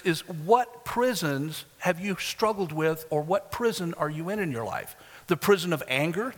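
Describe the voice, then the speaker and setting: A man with a high, light voice preaches to his congregation, swinging between quiet asides and loud, emphatic climaxes. His voice rings out with a long echo from a church sanctuary. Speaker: pastor. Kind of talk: sermon.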